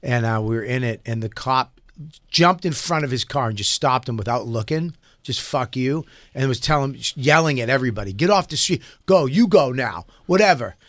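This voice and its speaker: A man's voice: animated, normal speed, a bit bright, dry recording. A man on a podcast telling comic stories with lots of swearing, acting out the people in them. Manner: acts out voices, profane, big shifts in pitch. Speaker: podcast co-host. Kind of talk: animated comedic storytelling.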